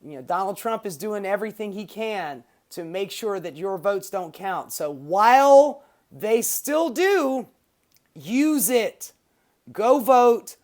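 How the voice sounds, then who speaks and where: A woman's voice: mid-range voice, lively intonation, slow, a little mellow. A woman hosting her own political commentary show, ranting casually with sarcasm and swearing.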